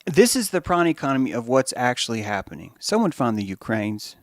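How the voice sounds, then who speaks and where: A man riffs through a podcast monologue, his pitch leaping up and down as he rambles and curses. The sound is dry and close, with no room around him. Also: brisk, dry recording. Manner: profane, animated and rambling. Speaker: podcast host. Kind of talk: monologue commentary.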